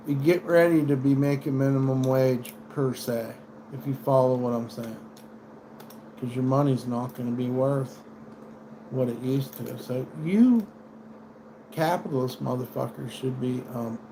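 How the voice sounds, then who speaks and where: A man's voice: mid-range voice, darkish tone, a little hiss or hum. Profane, rambling American man streaming. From United States. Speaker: livestream host. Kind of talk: rambling livestream rant.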